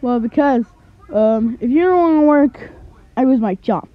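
A woman's voice: high voice, moderate pace, no echo, lightly acted. A woman voicing a bossy male superhero who lectures and scolds his dim partner in a fan animation. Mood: lecturing. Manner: exasperated, lecturing. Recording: tinny lo-fi home recording.

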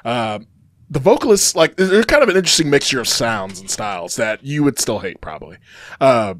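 Brief: man, relaxed podcast co-host, talks loosely with fillers, dry mic. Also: medium pitch, brisk, no echo. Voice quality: frequent "uh" fillers, laughs often. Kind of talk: casual chat.

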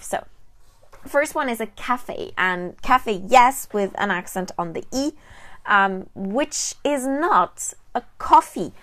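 A woman's voice: medium pitch, a bit bright. A woman, teaching a language lesson on a live stream in a chatty way, often restarting her sentences and speaking to viewers.

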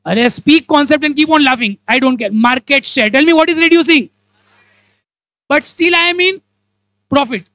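A woman with an Indian English accent leads a live class, firing rapid questions at students and playfully acting out examples in character voices. Her voice is high-pitched and a bit bright, and the recording is dry with poor audio.

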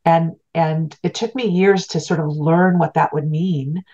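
A middle-aged woman with a notably low voice speaks as an interview guest. She recounts a personal story in an earnest, heartfelt and reflective way. The recording sounds somewhat muffled and lo-fi. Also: steady tone, measured pace, warm tone. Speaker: guest, spiritual teacher.

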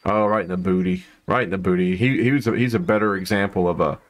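A man with a low voice talks his way through a hunting video game. He rambles with plenty of fillers, then breaks into excited outbursts at each find. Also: fast. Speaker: gameplay commentator. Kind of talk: casual gameplay commentary.

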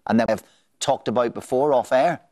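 A man hosting a TV quiz show, chatting in a relaxed way with brief asides. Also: mid-range voice, brisk, dry recording. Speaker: game show host. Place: TV studio.

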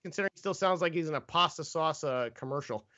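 A man's voice: on the high side, fast, pushed and bright, no echo, lo-fi sound. A man hosting a casual comedic movie review podcast, reading scripted jokes with stumbles and laughs. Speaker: podcast host.

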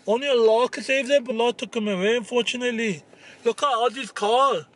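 High-voiced young man teasing his friend. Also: a little fast, a bit bright, slight background noise. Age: young adult. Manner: teasing, swearing, laughing. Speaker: vlogger host. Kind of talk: casual banter vlog. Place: outdoors by a car.

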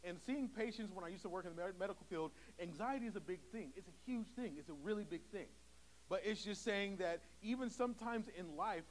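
High-voiced young preacher, conversational. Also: male voice, slight background noise, poor audio. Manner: conversational, acts out little quoted dialogues. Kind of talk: sermon. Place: church sanctuary.

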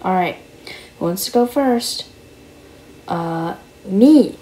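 A woman's voice: medium pitch, expressive, slow, warm tone, a little hiss or hum, rough recording. A woman voicing a young male wolf in a Minecraft roleplay, talking casually, calling everyone bro and stammering with fillers. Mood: excited. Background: background music.

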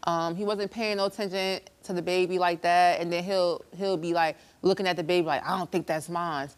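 A woman's voice: lowish voice, brisk, clean tone. A woman guest on a talk show, animatedly retelling a relationship fight on a studio stage. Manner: animated storytelling, acting out quarrels.

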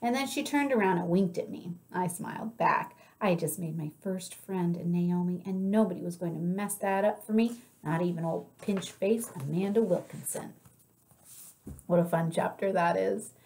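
A woman reading a children's novel aloud in an expressive, friendly way. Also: lowish voice, normal speed. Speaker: storybook reader.

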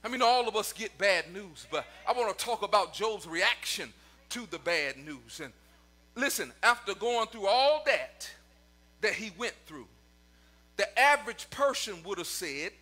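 A man preaching a sermon to his congregation and online viewers, his voice climbing into shouts and sung cadences. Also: sits high, animated, measured pace. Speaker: pastor.

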